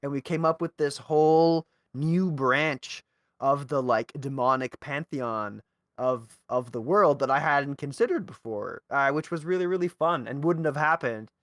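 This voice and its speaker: A man's voice: medium pitch, measured pace, a bit bright, no echo. A man hosting a tabletop gaming podcast, easygoing and friendly, laughing often and restarting his questions. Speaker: podcast host. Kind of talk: casual podcast interview.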